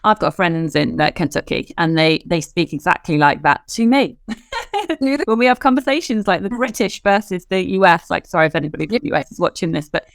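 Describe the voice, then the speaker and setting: Warm-toned encouraging female interviewer, lowish voice. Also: big pitch swings, a little fast, no echo, clean studio sound. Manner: encouraging, affirming. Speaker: interview host. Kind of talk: conversational interview.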